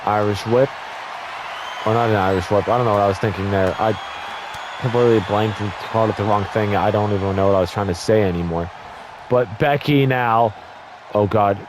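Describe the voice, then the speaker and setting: Excitable young man doing game play-by-play. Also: on the low side, a little fast, a crowd in the background, background noise. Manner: excitable, blurts exclamations, stumbles and corrects himself. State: voice getting worn from talking. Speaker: gaming YouTuber commentating a wrestling game. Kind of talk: casual play-by-play commentary.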